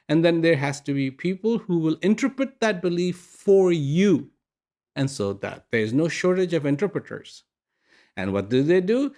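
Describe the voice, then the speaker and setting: Gravelly-voiced man asking reflective questions. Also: fairly high pitch. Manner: slow, questioning, rhetorical. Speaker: spiritual speaker. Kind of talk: reflective personal message.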